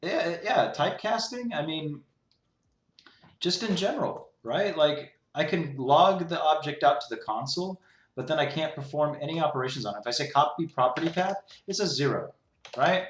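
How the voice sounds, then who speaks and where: A man's voice: on the high side, animated, moderate pace. A young man rambling and exasperated as he talks through his own code in a casual way, leaning on "like" constantly. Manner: exasperated, rambling, heavy use of "like". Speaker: programmer streaming his coding. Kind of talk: casual talk-through while coding. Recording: roomy echo.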